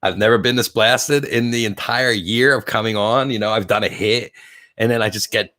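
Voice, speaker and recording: Fifty-something male host, lowish voice, chatting loosely on a porch, stoned and drifting. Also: steady tone, sharp tone. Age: 50s. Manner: rambling, giggly, stoned and slowing down. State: very high on cannabis. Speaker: livestream host. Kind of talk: casual live-stream chat. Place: outdoor porch.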